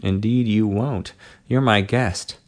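A man voicing a soft-spoken adult man who talks in a low, hushed, persuasive way. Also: steady tone, slow pace. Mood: hushed, coaxing.

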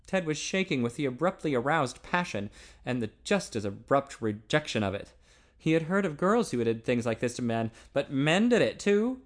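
A man narrating a novel aloud in an expressive way. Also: moderate pace. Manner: expressive, pitch swinging widely. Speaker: audiobook narrator.

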